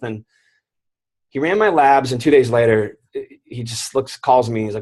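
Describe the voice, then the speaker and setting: A man in his thirties, a guest on an interview show, telling his own story with animated quoted voices. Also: mid-range voice, normal speed.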